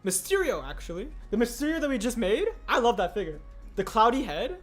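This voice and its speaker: A man's voice: very high-pitched, sing-song, a little fast, a bit bright. A young man streaming casually, rambling and answering chat aloud as he builds. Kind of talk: casual livestream chat while building a set. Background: faint music.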